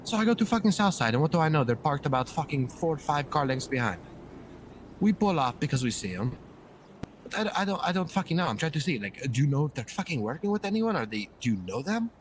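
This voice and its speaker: A man talking in character in a roleplay game, swearing constantly and rambling excitedly through a story. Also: fairly high pitch, fast talker, slight background noise.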